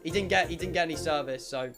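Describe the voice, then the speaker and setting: A man's voice: a little high, fast talker. A man streaming, telling a comic story to his chat, swearing and exaggerating. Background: music.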